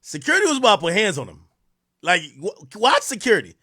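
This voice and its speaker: Excitable high-voiced male streamer. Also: fast talker. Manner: animated, excitable, slangy, repeats himself. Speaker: livestream host reacting to a clip. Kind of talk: casual livestream commentary.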